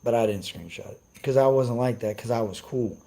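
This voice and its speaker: A man's voice: mid-range voice, fairly quick, dark tone, low-quality recording. A young man on a casual live stream, ranting brashly and cursing as he answers his chat. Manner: profane, brash, trash-talking.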